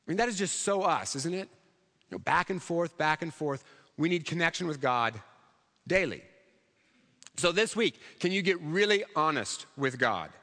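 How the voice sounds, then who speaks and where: Guy preaching in church, jokey and chatty, kinda high voice, big echoey hall. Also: pushed and bright. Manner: humorous, conversational preaching with acted-out quotes. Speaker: pastor. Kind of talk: sermon.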